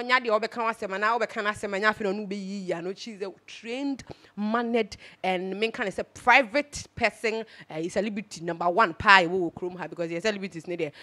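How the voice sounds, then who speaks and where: A woman's voice: medium pitch, fairly bright tone. A Ghanaian woman hosting a casual gossip commentary, chatty and emphatic, switching between Twi and English. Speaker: host.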